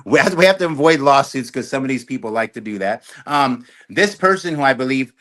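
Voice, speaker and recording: Chatty middle-aged man, bright voice. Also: medium pitch, a little fast. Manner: talkative, animated storyteller. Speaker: storage auction YouTuber, podcast guest. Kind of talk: casual podcast chat.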